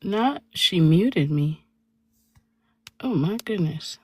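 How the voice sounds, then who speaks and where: A woman's voice: fairly low pitch, expressive, very slow, darkish tone, slight background noise. A woman co-hosting a live stream, blunt and sassy in casual chat.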